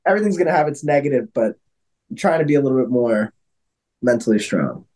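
A man co-hosting a casual podcast, telling stories in an animated way with lots of fillers and some swearing. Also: mid-range voice, fast talker. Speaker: podcast co-host. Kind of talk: casual chat.

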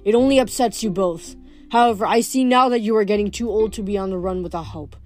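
A woman reading aloud, voicing a weary, torn male god who speaks softly and haltingly to his son. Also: mid-range voice, soft background music, close to an everyday voice. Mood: pleading.

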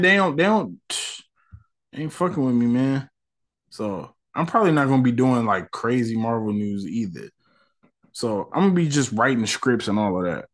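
A man hosting a casual solo podcast, talking in slangy, ranting commentary. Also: mid-range voice. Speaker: podcast host.

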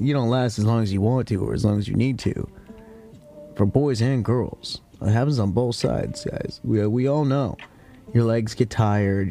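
A man's voice: on the low side, dark tone. A young man hosting a casual podcast, telling a crude story in a rambling way, full of slang and fillers. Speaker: podcast host.

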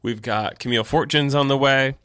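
A man's voice: medium pitch, fairly even intonation, fairly quick, fairly bright tone, smooth, no echo, clean studio sound. A man co-hosting a podcast about his clothing shop, talking in a laid-back way, swearing freely and laughing often. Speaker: podcast co-host and shop owner. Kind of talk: casual chat.

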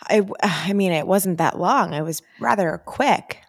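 Young adult woman, frank, breathy from pregnancy, lower-pitched. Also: measured pace. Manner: candid, tired, frank. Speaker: fitness trainer. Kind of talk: casual chat.

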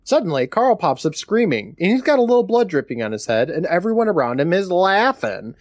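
A man tells a horror episode's plot in a casual podcast chat, his slightly high voice rising and falling a lot. He keeps it light and jokey. The sound is close and dry. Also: brisk, dry recording. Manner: animated storytelling with a laughing, joking tone. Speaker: podcast co-host.

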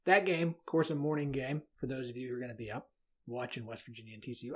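A man's voice: mid-range voice, steady tone, fast talker, a bit bright, breathy edge, soft background music. A man hosting a casual college sports podcast, chatting and reading a sponsor spot in a loose, self-deprecating way. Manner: chatty, self-deprecating, reads ads conversationally. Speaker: podcast host.

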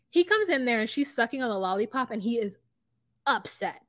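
A woman's voice: on the high side, fairly quick, no echo, clean studio sound. Chatty woman recapping with acted-out dialogue. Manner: animated retelling, acting out both sides of a scene. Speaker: podcast co-host. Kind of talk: casual recap chat.

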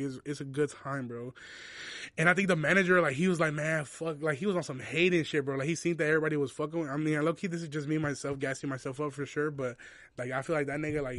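A man's voice: on the high side, a bit bright, no room sound. Slangy laughing man telling stories. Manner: slangy, profane, laughing often, lots of fillers. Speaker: comedian and podcast host. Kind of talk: casual storytelling monologue.

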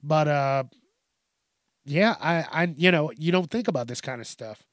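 Male host, casual rant, heavy profanity, slightly high pitch. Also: measured pace, dry recording, studio quality. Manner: profane, ranting, blunt. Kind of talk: casual news commentary.

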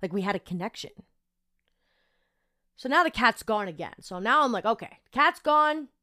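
A young woman hosting a podcast, telling a personal story in a chatty, animated way with lots of fillers. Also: mid-range voice, moderate pace. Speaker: podcast host. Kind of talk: casual storytelling monologue.

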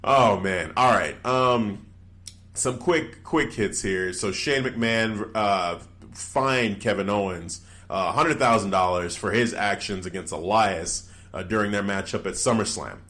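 A man's voice: fairly low pitch, unhurried. A man co-hosting a casual chat, talking loosely with frequent laughs and acted-out quotes. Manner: animated, laughs often, acts out quotes. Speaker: podcast co-host. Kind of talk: casual wrestling recap chat.

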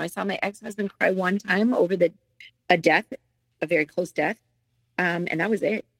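A woman's voice: lowish voice, a bit bright, dry recording. A middle-aged woman, a guest, candidly telling her own painful story, acting out the lines she quotes. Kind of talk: emotional personal storytelling.

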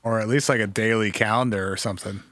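A man hosting a podcast, reacting with amused, quick remarks in casual chat. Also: on the low side, steady tone, fairly bright tone, no echo. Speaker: podcast host.

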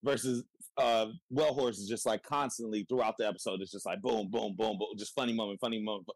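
A man co-hosting a casual podcast chat, laughing often and retelling scenes with quick put-on voices. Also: on the low side, fairly even intonation, no echo. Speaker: podcast co-host.

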